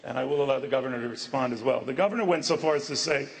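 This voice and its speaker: A man moderating a televised debate, reading quotes and pressing candidates with brisk interruptions. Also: mid-range voice, creaky, poor audio.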